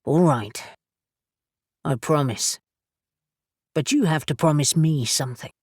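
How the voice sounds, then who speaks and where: A woman's voice: sits low, measured pace, darkish tone, slightly rough, dry recording, clean studio sound. A woman narrator voicing a blunt young man who teases and goads his friend with certainty. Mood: determined, teasing. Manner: blunt, goading.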